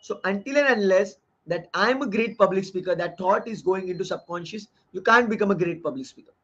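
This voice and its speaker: A man's voice: high voice, fairly quick, fairly bright tone. A man giving an online lecture as a book reviewer, explaining earnestly and often repeating his phrases. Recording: dull lo-fi audio.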